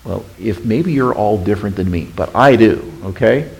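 A man preaching a sermon as pastor, questioning the congregation and swinging between hushed, intimate passages and emphatic, raised ones. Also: on the low side, moderate pace, vocal fry, rough recording.

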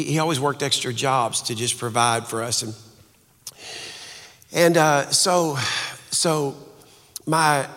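A man's voice: on the high side, fairly bright tone. Man telling a story in a reverberant hall. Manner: earnest, halting with frequent restarts. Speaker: speaker and author. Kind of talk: personal storytelling talk.

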